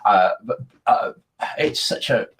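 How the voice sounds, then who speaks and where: A man's voice: slow, fairly bright tone. An older man from Birmingham with a Birmingham accent, a radio presenter chatting casually with many restarts. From Birmingham, England. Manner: chatty, self-deprecating, lots of restarts.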